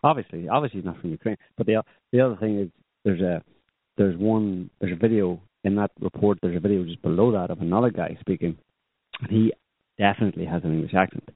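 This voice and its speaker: Man, opinionated political talker, rambling with fillers, very low voice, dry tinny line. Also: fast talker, no room sound. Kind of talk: political discussion.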